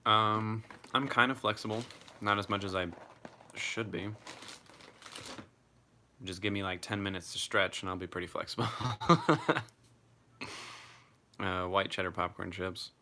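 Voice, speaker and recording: A man's voice: on the low side, steady tone, a little slow, long pauses, pushed and bright, slight background noise. A young man casually chatting on a live stream, reading out viewer comments and swearing freely.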